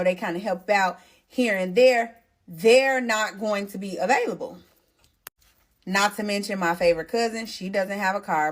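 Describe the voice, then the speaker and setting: Young woman, storytime vlog, casual, blunt, swears freely, animated. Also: lowish voice. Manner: animated, blunt, profane slang. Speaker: storytime vlogger.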